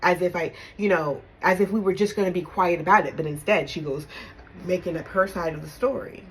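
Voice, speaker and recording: A woman in her thirties, a homeschooling mother, telling a personal story in candid, emphatic talk that drops soft when she reflects. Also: on the low side, fairly quick, slight background noise, low-quality recording. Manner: emphatic, punctuates with "okay?" and laughs. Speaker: storytime vlogger.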